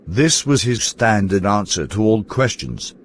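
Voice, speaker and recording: A man narrating an animated poem in a measured, storybook style. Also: lowish voice, slight background noise.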